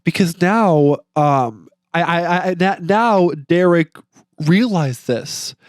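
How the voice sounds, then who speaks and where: Young male co-host with a slightly high voice and a rambling, stammering delivery, recorded dry. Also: animated, slow pace, no echo. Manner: rambling, stammering with many restarts. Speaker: podcast co-host. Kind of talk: casual chat.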